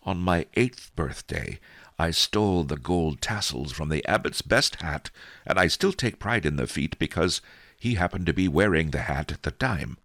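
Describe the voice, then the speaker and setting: A man's voice: low-pitched, expressive, normal speed, a bit bright, no room sound, studio quality. A man reading an audiobook, voicing a wily old male storyteller who tells his tale wryly. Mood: wry storytelling. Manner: wry, sly storytelling. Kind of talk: audiobook character voice.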